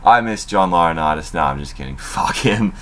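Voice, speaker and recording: A low-voiced man talks through a wrestling show in a casual, rambling review. He leans on fillers like "um" and "you know". He swears freely and keeps an offhand tone. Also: animated, fairly quick, fairly bright tone.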